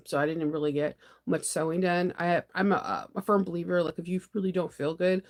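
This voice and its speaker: A woman from the US hosting a sewing channel, chatting casually on a morning live stream in a rambling, animated way, laughing often and breaking into dramatic outbursts. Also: fairly low pitch.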